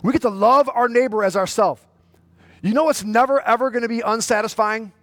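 A pastor with a high, bright-edged voice preaches a sermon a little fast. He lowers his voice to tell a story, then rises loud and urgent to exhort his listeners. The sound is dry and close, with no room sound.

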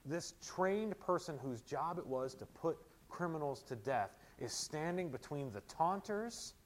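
A man preaching a sermon, moving between quiet, close teaching and loud, emphatic proclamation. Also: on the high side. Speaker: pastor.

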